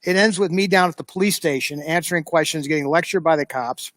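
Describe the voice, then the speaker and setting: An American man with a high voice, recounting a tale in an animated, chatty way. The sound is close and dry, with no room around it. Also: quick pace, no room sound. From United States. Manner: animated storyteller, lively re-enactment. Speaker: show host. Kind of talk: casual anecdote telling.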